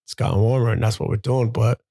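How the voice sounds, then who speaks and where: A man's voice: lowish voice, fairly even intonation, fast, creaky, warm tone, no room sound. A man, a father hosting his own show, speaking in a candid, confessional monologue that halts and repeats as he gathers his thoughts.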